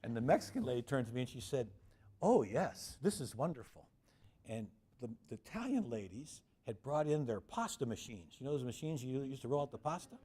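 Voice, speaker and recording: A middle-aged man giving a public lecture, telling lively anecdotes and acting out the people he quotes. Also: medium pitch, fast talker, hardly any pauses.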